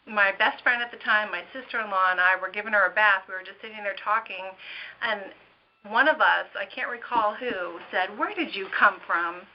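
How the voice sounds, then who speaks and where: Woman, interview guest, animated storyteller, mid-pitched, muffled lo-fi audio. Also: moderate pace. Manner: animated storyteller, telling family anecdotes. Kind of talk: casual interview chat. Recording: dull lo-fi audio.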